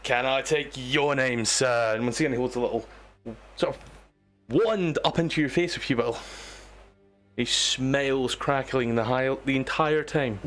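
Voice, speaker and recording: A man running a tabletop game as game master, narrating in a relaxed, descriptive way. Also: mid-range voice, moderate pace, faint music behind.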